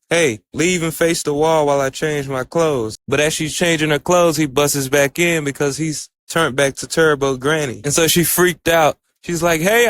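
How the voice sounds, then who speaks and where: Man, slightly high voice, casual anime recap, loose storyteller. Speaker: anime reviewer.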